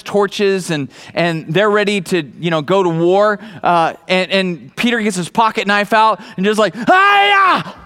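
A man preaching a sermon, reading scripture and acting out the people in the story in an animated, conversational way. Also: high voice, clear, resonant tone. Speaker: pastor.

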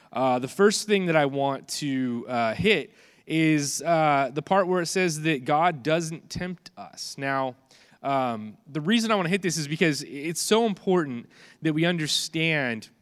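A man's voice: mid-range voice, dry recording. A man, in his thirties, preaching a chatty, conversational sermon with a stuffy nose and many fillers and restarts. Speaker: pastor.

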